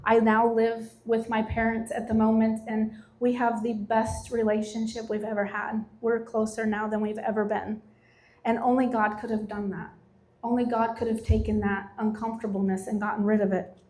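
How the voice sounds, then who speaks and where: A middle-aged woman shares her faith testimony in an earnest, steady way. Her voice sits fairly high but stays level, with little rise and fall. She slows down to stress each line of scripture. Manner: earnest, reads scripture with slow emphasis. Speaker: testimony speaker.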